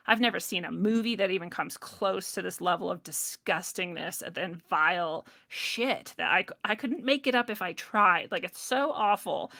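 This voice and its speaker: A woman guest telling a personal story in casual talk, animated, laughing often and acting out what others said. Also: fairly low pitch, normal speed, vocal fry, few pauses, dry recording. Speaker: podcast guest.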